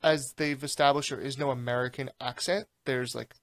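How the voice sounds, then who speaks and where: A man's voice: mid-range voice, fairly even intonation, moderate pace, fairly bright tone, no room sound. A man co-hosting a casual movie podcast, opinionated and explaining his views at length. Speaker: podcast co-host. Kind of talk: casual chat.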